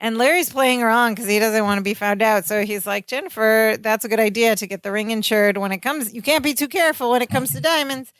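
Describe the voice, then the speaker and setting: A woman co-hosting a podcast, casually recapping a sitcom episode and acting out the characters' lines in quick bursts. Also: on the high side, clear, resonant tone, no room sound. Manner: lively retelling with quick quoted lines. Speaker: podcast co-host.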